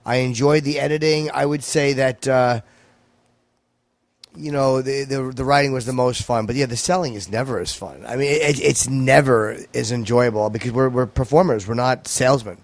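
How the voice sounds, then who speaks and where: A man guesting on a podcast as a stand-up comedian, talking in a dry, measured, profane way. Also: mid-range voice, fairly even intonation, no room sound. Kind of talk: casual podcast chat. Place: home podcast room.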